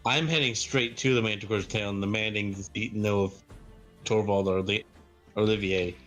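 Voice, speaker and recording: A man's voice: fairly low pitch, steady tone, moderate pace, fairly bright tone, faint music behind. Joking man playing a tabletop game. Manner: playful and joking. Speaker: player. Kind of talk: tabletop game play, in character and out.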